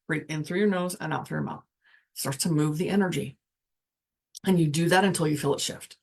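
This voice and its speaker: A woman's voice: low-pitched, a little fast, gravelly, pauses often. Reflective woman coaching on breath. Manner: reflective, guides breathing, trails off mid-sentence. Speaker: spiritual coach. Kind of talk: casual livestream teaching.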